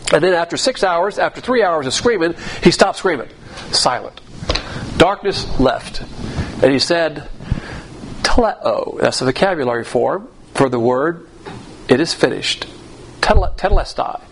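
A man preaching a sermon in an emphatic, blunt way, swinging between loud and hushed delivery. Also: on the high side, animated, moderate pace, slight background noise, rough recording.

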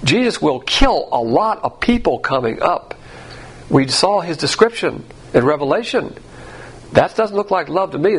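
A man's voice: fairly high pitch, slightly rough. A man teaching the Bible in a sermon, emphatic and sarcastic as he mocks the views he quotes.

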